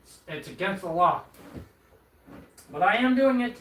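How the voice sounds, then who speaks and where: Animated but unhurried, a streamer keeps up a rambling, self-deprecating commentary while putting furniture together live, frequently stumbling and restarting. The medium-pitched voice has a fairly bright tone and is recorded from a distance. The sound is echoey and off-mic, with faint noise.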